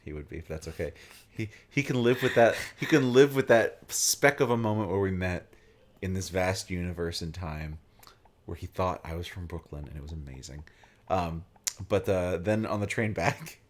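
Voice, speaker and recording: A young man from Virginia hosts a let's play in casual, rambling chat. He fills his talk with "like" and "um" and keeps circling back to his point. His voice is very low. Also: moderate pace. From Virginia, USA. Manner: rambling, full of "like" and "um". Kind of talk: casual chat while playing a game.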